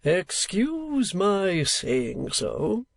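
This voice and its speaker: A man voicing a talkative, theatrical middle-aged theatre manager, speaking slowly and emphatically. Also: high-pitched, huge pitch swings, creaky, no echo, pitched above the performer's own voice, exaggerated voice. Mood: enthusiastic.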